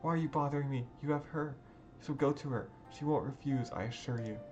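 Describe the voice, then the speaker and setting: A man's voice: medium pitch, a little fast, a little mellow, muffled recording, close to an everyday voice. A man voicing a cold, bitter teenage girl who talks in curt, cutting lines. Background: background game music.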